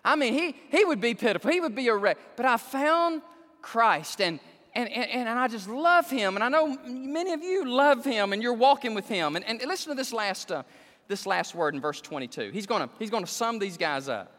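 A man preaching a sermon, animated and exclaiming, joking with the congregation. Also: extremely high pitch, normal speed. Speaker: pastor. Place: church sanctuary. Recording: long hall reverb.

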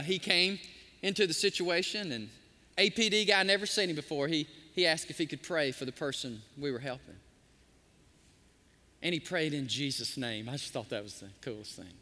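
Stories carry this pastor's sermon, and he animatedly takes on the voices of the people he describes. His voice leans high, and the sound carries the feel of a big room.

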